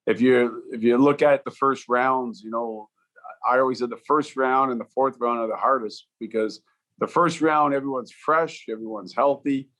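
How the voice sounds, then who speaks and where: Middle-pitched man in his fifties, a retired hockey pro on a podcast, easygoing and rambling. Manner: relaxed, rambling, many "you know" fillers and restarts. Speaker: former hockey player and coach, guest. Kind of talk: storytelling in a podcast interview.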